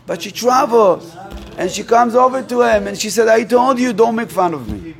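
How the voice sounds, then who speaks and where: Animated man telling a sermon story. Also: normal speed, vocal fry, soft background music. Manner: animated retelling, acting out dialogue with big pitch swings. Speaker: rabbi.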